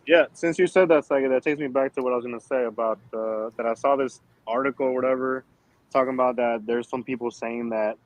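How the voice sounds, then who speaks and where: A man's voice: medium pitch, fairly even intonation, quick pace, poor audio. A man hosting a casual livestream chat, rambling and swearing with lots of fillers, talking over an online call. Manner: rambling, profane, with frequent fillers. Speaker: show host.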